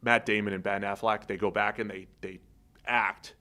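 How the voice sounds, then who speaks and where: A man's voice: on the low side, level tone, normal speed, pushed and bright. A man co-hosting a sports podcast in casual, joking chat, rambling with restarts. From Massachusetts. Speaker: podcast co-host. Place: podcast studio.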